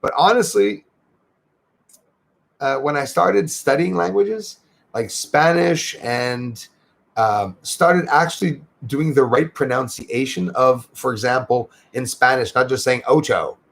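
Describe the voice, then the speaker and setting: Man from Canada, livestream host, gravelly voice, rambling casual chat, reading viewer comments. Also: mid-range voice. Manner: chatty, thanks viewers by name, rambling asides.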